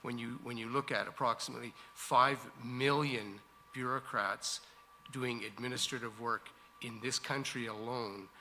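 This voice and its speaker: Brief: male candidate, sharp bright tone, emphatic, hall reverb. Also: mid-range voice, steady tone, normal speed, slight background noise. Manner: emphatic, repetitive. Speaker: election candidate. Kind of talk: debate answer.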